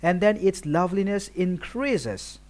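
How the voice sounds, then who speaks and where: A man giving a recorded poetry lesson, explaining slowly and listing words one by one. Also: high-pitched, animated, darkish tone. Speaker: teacher.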